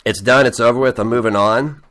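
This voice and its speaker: A man's voice: mid-range voice, steady tone, a little fast, a bit bright. A man, hosting his show with a blunt, profane, agitated rant. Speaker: show host. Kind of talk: ranting monologue.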